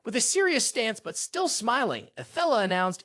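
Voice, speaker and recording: A narrator reading a fantasy story recap in a scripted, expressive storytelling style. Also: mid-range voice, brisk, few pauses, no echo, studio quality.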